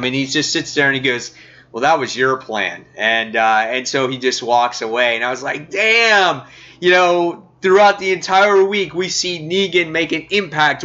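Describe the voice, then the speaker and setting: A man's voice: fairly high pitch, sharp tone, highs cut off. A man giving a casual, chatty review of a comic book, with many fillers.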